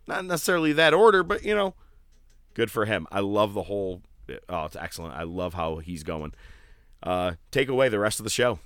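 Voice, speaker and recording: A man co-hosting a podcast, talking in a loose, animated way with plenty of jokes and casual swearing. His pitch swings widely as he gets excited, and the sound is close and dry, with no room around it. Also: fairly quick, clean tone, dry recording. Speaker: podcast co-host. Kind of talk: casual chat.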